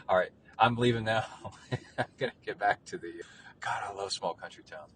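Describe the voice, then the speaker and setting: A man's voice: fairly low pitch, measured pace, pauses often, fairly bright tone, a little hiss or hum. A man hosting an endurance sports podcast, chatting casually on the go with lots of ums and uhs. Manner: rambling, filler-heavy storytelling. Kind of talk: casual chat on the go.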